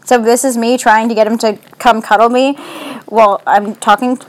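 A young adult vlogger talks into a phone in a casual, rambling way, sounding anxious and self-deprecating. The voice is mid-range, with fairly even intonation and a moderate pace.

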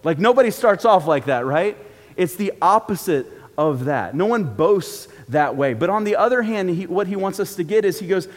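A man's voice: high voice, animated, moderate pace. A man preaching a sermon in a church auditorium, in a casual, joking, conversational way. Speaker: pastor. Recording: long reverb from a large hall.

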